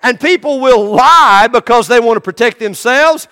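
A man's voice: extremely high pitch, expressive, normal speed, sharp tone, big-room sound. A man preaching a sermon in a folksy, emphatic storytelling manner.

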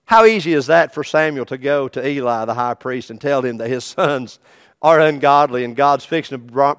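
A man's voice: a little high, a bit bright, in a large hall. A man preaching a sermon in a folksy, emphatic storytelling manner.

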